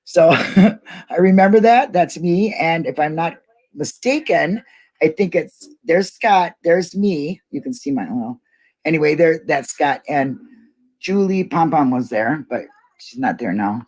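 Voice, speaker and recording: A woman's voice: low voice, animated, unhurried, a little mellow. A woman hosting a casual livestream, rambling and laughing as she talks to her viewers. She gets emotional easily. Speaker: YouTube livestream host.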